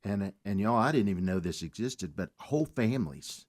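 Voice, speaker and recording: A man's voice: fairly low pitch, expressive, brisk. A man, a guest on a talk radio show, telling his story earnestly and mentioning his faith.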